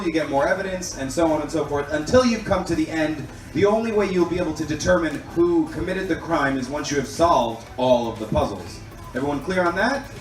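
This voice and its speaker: Man explaining rules in an echoey room. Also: a little high. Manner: patient, checks for understanding. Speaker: game host. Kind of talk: explaining game rules to a group. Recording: echoey room mic'd from a distance.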